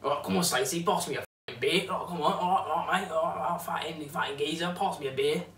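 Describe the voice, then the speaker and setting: Someone putting on a gruff London pub dad. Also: mid-range voice, fast, a bit bright, slight background noise, natural voice. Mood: bossy. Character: crude boozy middle-aged neighbour dad. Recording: roomy, distant mic, music behind.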